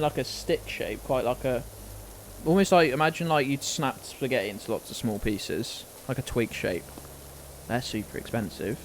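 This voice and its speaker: A man's voice: medium pitch, moderate pace, a little hiss or hum. A British man chatting casually on a live game stream, rambling, laughing often and talking to his dog. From United Kingdom.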